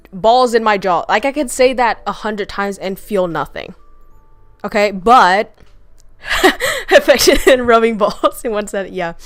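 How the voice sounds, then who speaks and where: A woman streamer answering viewer questions in a casual chat, frank and crude in her joking and quick to laugh. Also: medium pitch. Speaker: VTuber streamer.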